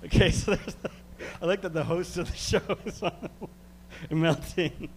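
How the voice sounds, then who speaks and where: A man from Canada, working as a stage hypnotist, giving slow, soothing suggestions and chuckling between them. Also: high voice, fairly even intonation, darkish tone, a little hiss or hum. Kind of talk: live hypnosis demonstration.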